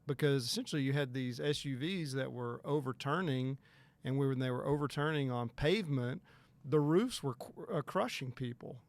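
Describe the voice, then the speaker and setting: A man's voice: medium pitch, gravelly. A man, a personal injury attorney talking as a guest on a talk show, earnest and emphatic, with many restarts. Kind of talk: casual talk show conversation.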